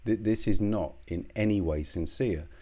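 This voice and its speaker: A man's voice: on the low side, moderate pace, warm tone. A British man giving a solo political commentary, scornful and heated, swearing often.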